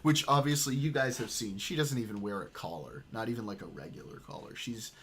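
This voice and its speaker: A man's voice: mid-range voice, brisk, fairly bright tone, a little hiss or hum. A man streaming casual reaction commentary, blunt and swearing often, sometimes reading messages aloud.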